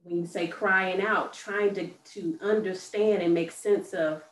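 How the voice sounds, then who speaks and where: A woman hosting an interview, speaking slowly and affirming her guest with soft murmurs of agreement. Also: medium pitch, fairly even intonation. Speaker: host. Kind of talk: supportive interview chat. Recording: roomy echo, distant mic, faint noise.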